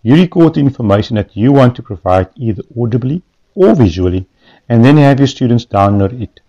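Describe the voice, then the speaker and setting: A man's voice: medium pitch, a little fast, highs cut off. A young man with a South African accent, a student steadily reading a prepared class podcast script. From Western Cape, South Africa. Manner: steady, instructive. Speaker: student presenter.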